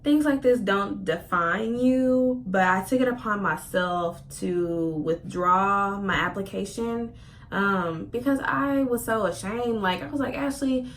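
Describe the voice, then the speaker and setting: A woman's voice: measured pace, a little hiss or hum. Candid, slangy young woman telling a story. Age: 20s. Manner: casual, profane, expressive with slang; acts out her own quoted lines with big pitch jumps. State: near tears at times. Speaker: vlogger.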